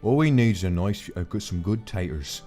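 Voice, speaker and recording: Male streamer, casual chat, deep-ish voice with a lively melody. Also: normal speed, faint music behind. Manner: animated, jumps into voices and laughs.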